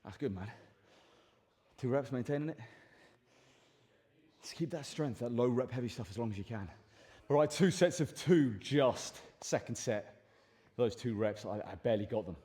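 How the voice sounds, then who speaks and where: A man's voice: mid-range voice, lively intonation, moderate pace. A man vlogging his workout, talking himself through heavy sets in an upbeat coaching manner and often out of breath between sets. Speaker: fitness vlogger. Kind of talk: gym workout vlog commentary. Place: indoor gym. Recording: echoey gym from far off, loud background noise.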